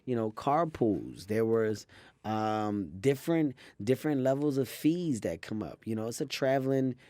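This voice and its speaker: A man in his thirties telling stories in an animated, quick way as a comedian guest. His voice sits mid-range and sounds dry and close on a studio microphone. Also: mid-range voice, dry recording. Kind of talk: interview storytelling.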